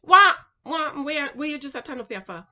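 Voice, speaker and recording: A woman with a Jamaican accent voicing her incredulous young Jamaican boyfriend, who asks loud, indignant questions. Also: high-pitched, lively intonation, fairly quick, lo-fi sound, pitched above the performer's own voice, heavily acted.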